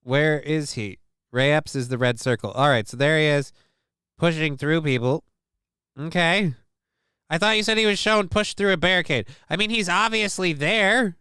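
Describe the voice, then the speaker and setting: A man's voice: a little high, normal speed, bright, forceful tone, clear, resonant tone, no room sound, studio quality. A man hosting a livestream, chatting casually, cracking crude jokes and reading chat aloud. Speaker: livestream host.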